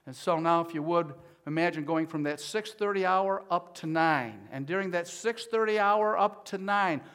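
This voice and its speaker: A man preaching a sermon as pastor, at times rising to loud pleading as he voices people's prayers. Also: high-pitched, normal speed. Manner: builds to loud pleading when voicing prayers.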